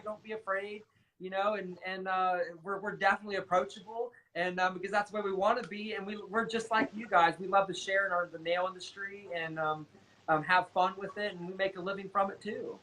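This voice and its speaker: A man's voice: sits high, fairly even intonation, fairly quick, bright, forceful tone, low-quality recording. A man telling stories in a casual interview as a guest nail technician, chatty, repeating words and acting out what others said.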